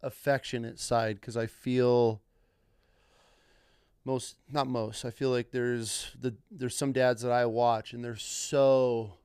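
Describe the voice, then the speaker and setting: Podcast host guy, smooth clear voice, dry close sound, rambly thoughtful questions. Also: mid-range voice, little pitch movement, slow, darkish tone, no room sound. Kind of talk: casual interview chat.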